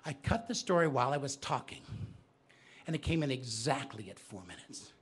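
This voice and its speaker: A man's voice: mid-range voice, normal speed. A man giving a theatrical live storytelling performance in a bookstore, drawing the audience into call and response. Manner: animated, theatrical, engages the audience.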